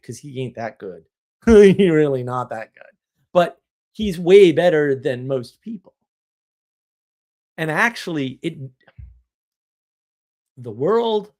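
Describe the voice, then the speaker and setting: A man in the middle of a casual live stream, reacting to chat with strong opinions and plenty of rambling restarts. His voice sits at an ordinary pitch for a man. It is recorded close on a desk microphone at home.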